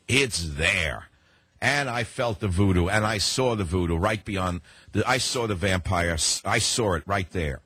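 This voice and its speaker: Older male talk radio host, thick New York accent, very low husky voice, opinionated and digressive, dry studio sound. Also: a bit bright, no room sound. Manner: rambling, combative, digressive.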